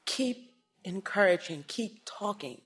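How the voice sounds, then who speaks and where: A woman's voice: mid-range voice, lively intonation, slow, husky, faint music behind. Woman telling an emotional personal story. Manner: emotional storytelling, swings from hushed to raised. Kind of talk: personal testimony talk.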